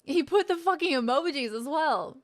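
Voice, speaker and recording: A woman's voice: sits high, animated, moderate pace. A woman streamer chatting casually with her viewers, playful, laughing often and swearing freely. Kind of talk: casual live-stream chat.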